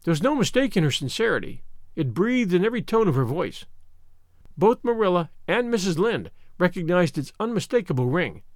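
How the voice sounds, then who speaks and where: A man narrates an old-fashioned storybook with expressive, measured delivery. His voice is high for a man and moves a lot. The recording is close and dry, with no room sound. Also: dry recording. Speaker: audiobook narrator. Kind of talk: scripted narration of a classic novel.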